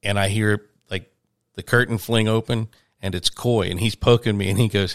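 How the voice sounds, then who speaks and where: A man's voice: fairly low pitch, steady tone, brisk, dry recording, clean studio sound. A man telling a long, rambling touring anecdote in casual conversation, acting out the quoted voices. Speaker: touring musician guest. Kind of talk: storytelling in casual chat.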